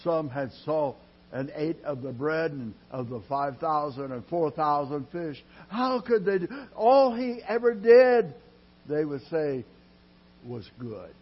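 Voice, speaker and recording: A man preaching a sermon in a dramatic style, dropping to a hush and then rising loud, drawing his words out slowly. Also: a little high, expressive, slightly rough. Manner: dramatic preaching with sudden loud rises and quiet drops; slow, drawn-out delivery. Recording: dull lo-fi sermon recording.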